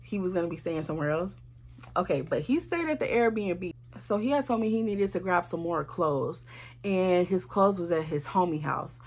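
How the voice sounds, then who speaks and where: A young woman from Arizona telling a casual storytime, animated and blunt, swearing freely. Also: on the low side, moderate pace. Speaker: vlogger.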